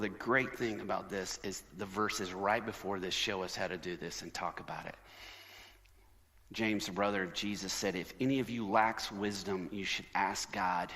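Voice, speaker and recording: A man's voice: deep voice, a bit bright. Man telling funny stories in a reverberant hall. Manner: storytelling, jokey, acts out quoted voices. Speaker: speaker at a marriage and family conference. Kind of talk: conference talk on parenting with humor. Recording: long reverb of a large hall.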